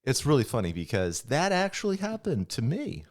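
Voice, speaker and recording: A man's voice: medium pitch, huge pitch swings, normal speed. A middle-aged man hosting a podcast, talking in a casual, reflective, rambling way with restarts and chuckles. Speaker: podcast host.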